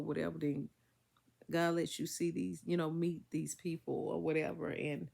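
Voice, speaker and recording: Woman vlogger, fry in the voice, casual and emphatic, a bit under the weather. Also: on the low side, flat delivery, moderate pace, a little mellow. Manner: chatty, emphatic, Southern US vernacular speech. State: congested, recovering from illness. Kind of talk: casual storytelling to viewers.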